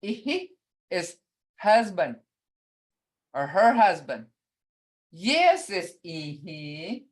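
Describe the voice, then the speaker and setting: Slow, patient older woman teaching. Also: fairly low pitch, sing-song. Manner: slow, patient, repeats words to model sounds; chuckles often while explaining. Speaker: language teacher. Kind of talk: online beginner language class. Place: video call.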